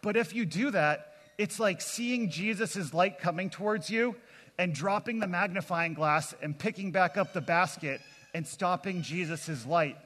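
A man's voice: high-pitched, unhurried, a bit bright. A man preaching at a kids camp, earnest and plainspoken, speaking to both children and adults. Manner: earnest, plainspoken, calls out to the crowd. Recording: long hall reverb.

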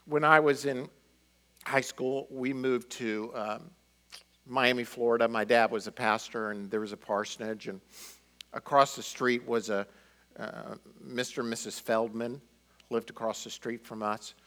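Middle-aged guy preaching, chatty storytelling, lots of ums, average pitch. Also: unhurried. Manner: conversational, animated storytelling with many fillers. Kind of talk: sermon storytelling.

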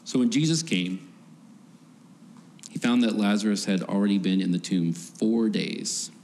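A man's voice: lowish voice, unhurried, a little mellow. Man preaching in a reverberant hall. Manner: conversational, laughing often, acting out voices in the story. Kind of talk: sermon. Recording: faint background noise, long hall reverb.

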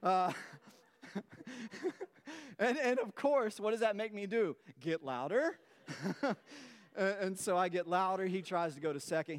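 Smooth-voiced man preaching a sermon. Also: on the high side. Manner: conversational preaching with playful storytelling. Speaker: pastor.

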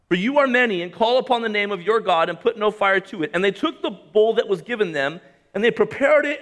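A male pastor delivers a sermon in a fairly high voice. He reads scripture aloud and then comments on it with humor and emphasis. His delivery swings between raised, forceful lines and quiet, low drops.

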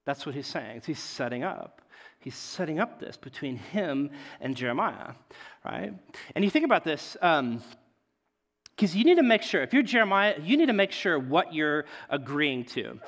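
A man preaching a sermon as a pastor, in a conversational way, often checking in with "right?" and swinging between loud emphasis and quiet asides. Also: a little high, very animated, normal speed. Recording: long hall reverb.

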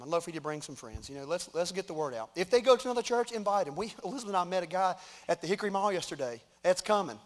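A middle-aged man, preaching in a conversational, joking way from a church stage. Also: sits high. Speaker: pastor. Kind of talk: sermon with announcements and prayer.

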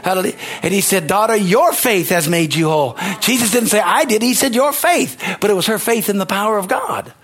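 This pastor's voice sits high and sounds a bit bright and husky, and he preaches briskly and expressively with few pauses. His sermon builds through repeated lines, rising exclamations, and shouts of "amen" and "hallelujah."

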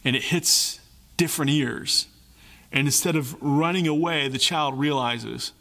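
A man's voice: on the high side, a little slow, pushed and bright. Earnest male preacher in a reverberant hall. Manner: earnest, emphatic preaching with repetitions. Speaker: pastor. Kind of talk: sermon.

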